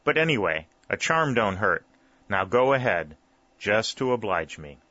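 A young soldier, earnest and a little superstitious, presses his comrades to join in, voiced by a man reading. His voice is low and bright, heard on a dull, lo-fi recording. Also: sing-song, no echo, full character voice. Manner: slow, solemn chanting of a charm.

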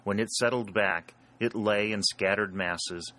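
A man reading an adventure story aloud as its narrator, in a steady, dramatic storytelling manner. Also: on the low side, unhurried. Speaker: audiobook narrator. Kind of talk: scripted narration.

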